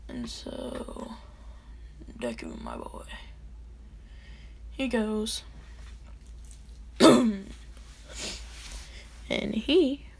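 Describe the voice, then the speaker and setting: A woman's voice: medium pitch, wildly swooping pitch, very slow, gravelly, pauses often, darkish tone, a little hiss or hum. Rambling, slangy woman storyteller. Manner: rambling, slangy narration with fillers. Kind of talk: casual storytelling of a fan scenario.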